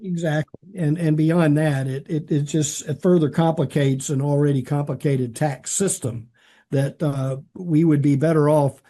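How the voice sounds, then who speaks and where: A man's voice: on the high side, steady tone, moderate pace, dark tone. A man co-hosting a talk show, explaining policy details in a hesitant way with many fillers. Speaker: podcast co-host. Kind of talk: conversational policy commentary.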